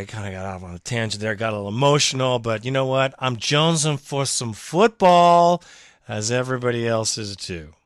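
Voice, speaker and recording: A man hosting a fan podcast, delivering a passionate, rambling monologue that swings from mutters to shouts. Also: medium pitch, no room sound, studio quality. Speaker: podcast host.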